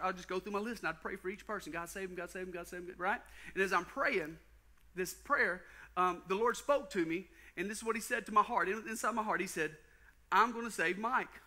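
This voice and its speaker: A pastor preaching a sermon, telling a personal story with folksy asides to the congregation. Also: male voice, sits high, a little fast, bright, forceful tone. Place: church sanctuary.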